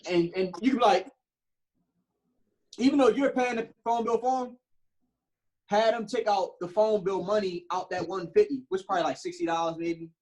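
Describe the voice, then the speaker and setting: A man's voice: high-pitched, normal speed, long pauses, rough recording. A young man co-hosting a podcast, telling stories in casual chat, full of slang and cursing. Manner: animated storytelling with slang and profanity. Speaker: podcast co-host.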